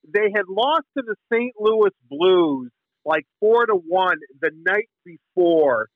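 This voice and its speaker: Heard on a tinny phone line with no room sound, a middle-aged man from Michigan who works as a sports radio host speaks in a high voice. He rambles through a casual interview story, filling it with fillers and restarts, and suddenly sings the team song.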